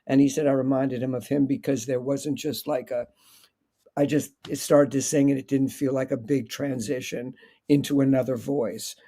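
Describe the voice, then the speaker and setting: A man's voice: mid-range voice, steady tone, normal speed, mellow. A man chatting as a guest on a streamed show, answering in a dry, understated way with short replies. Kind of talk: casual interview chat.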